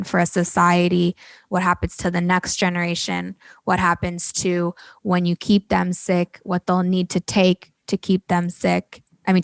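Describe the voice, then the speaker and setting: A woman's voice: lowish voice, gravelly, clean tone, no room sound. A woman hosting a podcast interview, speaking passionately and emphatically in long run-on phrases. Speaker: podcast host. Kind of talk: conversational interview.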